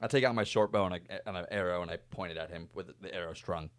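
A man playing a tabletop game, calling out his moves and rolls in a low, mumbled way. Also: quick pace, dry recording, clean studio sound. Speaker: player. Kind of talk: casual tabletop play.

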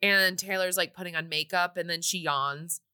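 A woman in her late twenties casually recapping a movie on a podcast, chatty and quick to act out the characters' lines. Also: fairly low pitch, steady tone, pushed and bright, clean tone. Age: 20s. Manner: chatty, acts out characters' lines, laughs often. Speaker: podcast co-host.

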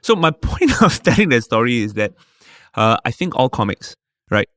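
A man's voice: medium pitch, big pitch swings, moderate pace, fairly bright tone, a little hiss or hum. A man with a Singaporean English accent, a stand-up comedian chatting on a podcast and telling stories, acting out the people he quotes. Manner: storytelling, acting out quoted voices. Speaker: stand-up comedian, guest co-host. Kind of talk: casual podcast chat.

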